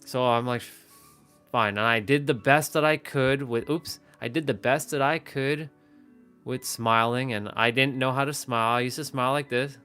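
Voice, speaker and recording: This male livestream host addresses the camera in a loose, rambling way, frequently starting over. His voice is medium in pitch with fairly even intonation and a moderate pace, pushed and bright, clear and resonant. Faint music plays behind him, and the audio comes from a phone or webcam mic pointed at the camera.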